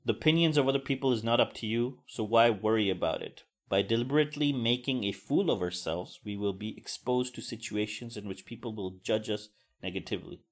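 A man's voice: lowish voice, brisk, few pauses. A man hosting a solo podcast, talking casually with frequent swearing and self-deprecating asides. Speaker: podcast host.

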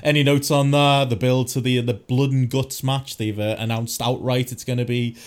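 A man's voice: medium pitch, level tone, moderate pace, smooth. A man hosting a casual podcast chat, steering the talk with an upbeat manner. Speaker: podcast host.

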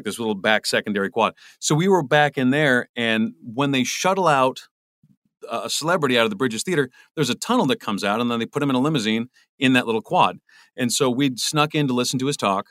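A man's voice: medium pitch, fairly bright tone, no echo, clean studio sound. A middle-aged man, a voice actor being interviewed, talking casually and rambling with lots of restarts. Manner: rambling, many restarts and repeated words. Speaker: voice actor guest.

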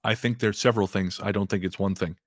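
A man's voice: deep voice, steady tone, fast, no room sound, clean studio sound. A man answering as a podcast guest, talkative and frank. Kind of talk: casual interview chat.

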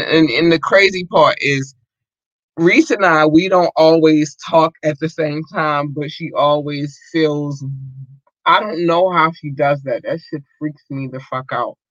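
A man's voice: fairly high pitch, a bit bright, no echo, muffled recording. Rambling, cussing man hosting a podcast. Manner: rambling, profane, many fillers, addresses listeners as y'all. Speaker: podcast host. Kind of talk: casual livestream chat.

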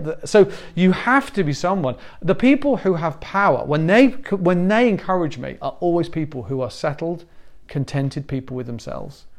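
A middle-aged Englishman giving a conversational sermon as a pastor, telling stories with self-deprecating humor. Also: fairly high pitch.

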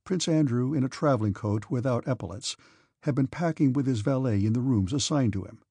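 Mellow, husky male audiobook narrator. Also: mid-range voice, no echo. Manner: measured, steady reading. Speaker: audiobook reader. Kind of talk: scripted narration.

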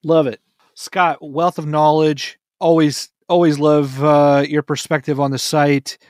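A man hosting a casual sports podcast, upbeat and quick to laugh. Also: on the high side, level tone, a little mellow, dry recording, clean studio sound. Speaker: podcast host.

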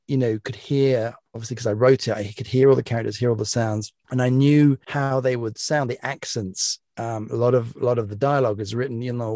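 A British man, an author being interviewed, talking casually with many restarts and repeated words, with a young-sounding, slightly higher voice. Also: dark tone, no room sound, studio quality. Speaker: author and guest.

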